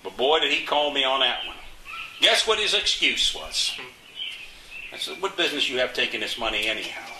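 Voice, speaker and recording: A man's voice: medium pitch, big pitch swings, moderate pace, roomy sound, distant mic, background noise. An older man in a casual interview, telling folksy, indignant stories about his community, restarting and repeating words as he goes. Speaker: interviewee, local resident.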